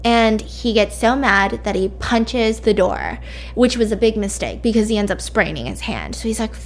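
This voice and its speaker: A woman's voice: medium pitch, animated, normal speed. A young woman casually retelling a fictional mystery story, chatty and acting out the characters' lines.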